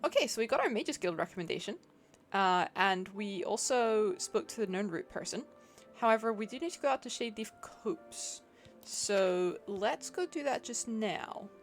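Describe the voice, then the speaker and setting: A chatty woman streamer gives relaxed, playful commentary as she plays, greeting viewers and teasing herself. Her voice sits in an ordinary middle pitch, with faint game music behind her. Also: normal speed. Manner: chatty, reacts to chat and game; playful, self-deprecating. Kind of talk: casual gameplay commentary.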